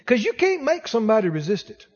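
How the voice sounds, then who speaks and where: A man preaching a sermon as pastor, exhorting the congregation and rising to shouts. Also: high voice, wildly swooping pitch, fast talker, big-room sound, muffled recording.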